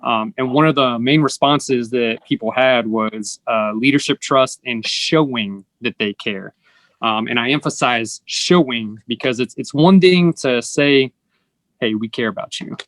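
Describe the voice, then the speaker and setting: A man's voice: mid-range voice, measured pace, a bit bright, no room sound. A man hosting a casual conversation, earnest and explanatory, with some fillers. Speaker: host.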